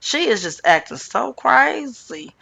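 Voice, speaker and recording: A woman's voice: high-pitched, very animated, measured pace, creaky, sharp tone. A woman hosting a reality TV recap in casual chat, blunt and sassy, swearing and using slang as she talks to her viewers.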